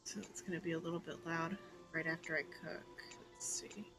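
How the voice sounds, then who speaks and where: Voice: medium pitch, little pitch movement, moderate pace. A streamer casually commenting on gameplay, thinking aloud and often dropping into a half-whisper. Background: game music.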